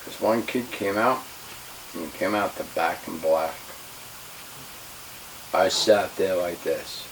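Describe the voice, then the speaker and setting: Low-voiced man, heated, profane storytelling. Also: takes it slowly, pauses often. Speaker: retired pro wrestler. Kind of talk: shoot interview storytelling. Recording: distant mic with faint hiss.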